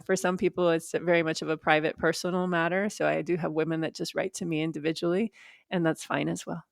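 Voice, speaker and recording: A woman in her forties speaking as a podcast guest, frank and matter-of-fact. Her voice sits on the low side, and the close mic sounds dry with no room around it. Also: little pitch movement, quick pace, vocal fry, dry recording. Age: 40s. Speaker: guest, perimenopause advocate. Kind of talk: podcast interview.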